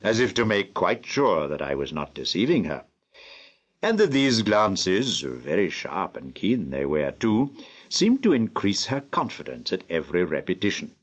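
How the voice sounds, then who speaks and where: An older man from England narrates a classic novel in a slow, deliberate, measured way. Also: sits low, dull audio. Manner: slow, deliberate, lively phrasing. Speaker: audiobook narrator.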